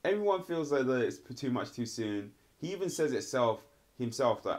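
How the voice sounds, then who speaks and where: A man's voice: medium pitch, sing-song, moderate pace, hardly any pauses, a little mellow. A man casually reviewing a TV episode, rambling and filling his talk with "like" and "sort of". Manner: rambling, heavy use of "like" and "sort of". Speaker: TV show reviewer.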